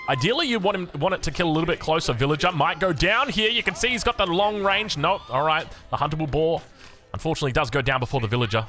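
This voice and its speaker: An Australian man casting a strategy game, rambling excitably into anecdotes with lots of restarts. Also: medium pitch. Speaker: game caster.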